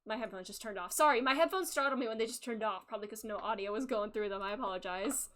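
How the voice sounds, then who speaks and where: A young woman streaming a game, giving excitable, joking and nervous commentary. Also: medium pitch, fast talker, hardly any pauses, slight background noise. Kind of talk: let's play commentary. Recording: game music behind voice.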